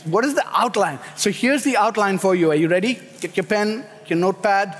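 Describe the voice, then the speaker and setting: A man's voice: high-pitched, brisk, a bit bright. A man preaching a sermon, emphatic and building in intensity as he speaks. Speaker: pastor. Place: church sanctuary. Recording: echoey hall reverb.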